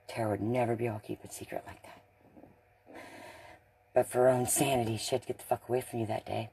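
A man giving a blunt, profane, emotional monologue addressed to others, swinging between loud and hushed. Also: medium pitch, little pitch movement, fast talker, long pauses, a little hiss or hum. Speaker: speaker in a recorded video message.

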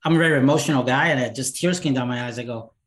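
A man telling stories in casual chat as a guest, animated and acting out the voices of the people in his stories. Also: mid-range voice, very fast. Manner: animated, acts out quoted dialogue. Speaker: podcast guest. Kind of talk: casual storytelling. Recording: roomy echo.

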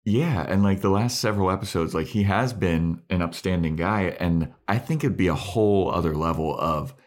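Low-voiced blunt podcast co-host. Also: male voice, moderate pace. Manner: recaps scenes, blunt and swearing. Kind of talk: casual chat.

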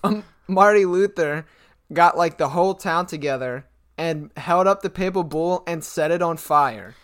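A man's voice: fairly high pitch, unhurried, fairly bright tone. Laughing, chatty young man co-host. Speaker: podcast co-host. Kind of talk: casual chat.

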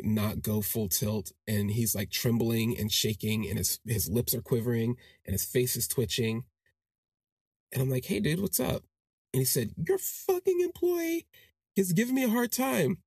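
A man hosting a podcast, telling a personal story in a casual monologue and acting out the people in it with big jumps in pitch. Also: husky, dry recording, studio quality. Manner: animated, acts out quoted voices with big pitch jumps. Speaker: podcast host.

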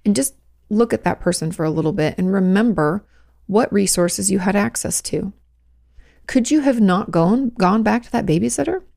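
A woman hosting a podcast as a therapist, giving casual, frank advice. Her voice carries a steady gravelly fry, and she talks in a loose, conversational way, full of "like" fillers. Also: mid-range voice, moderate pace.

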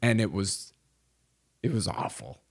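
A man's voice: fairly low pitch, sing-song, a little slow, gravelly. A middle-aged man chatting casually as a podcast guest, telling a long story with many fillers and restarts. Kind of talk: casual chat.

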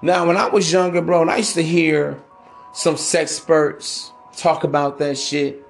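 A man's voice: a little high, little pitch movement, unhurried, faint music behind. A man hosting a podcast, giving relationship advice in a casual, profane, preachy monologue that keeps calling his listeners bro. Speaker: podcast host.

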